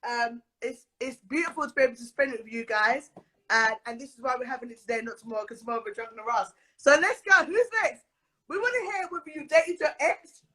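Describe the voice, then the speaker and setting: A woman hosting a casual live stream, effusive, emotional and loud. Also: fairly high pitch, animated, fast talker.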